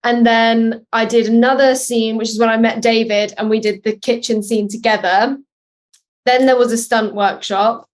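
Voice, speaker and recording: A woman's voice: on the high side, fairly even intonation, normal speed. A young adult woman, an actress guest, chatting through interview answers with ums and self-deprecating laughs. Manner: chatty, laughs at herself, many ums and likes.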